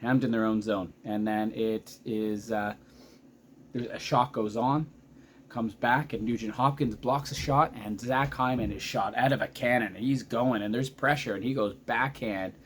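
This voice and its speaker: A man in his thirties recaps a hockey game in a chatty vlog. His voice sits at an ordinary middle pitch, and his delivery is excitable and rambling. He often stops mid-sentence to hunt for a detail, and a faint hiss runs under the recording. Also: a little slow. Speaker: vlogger, hockey fan. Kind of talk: casual game recap commentary.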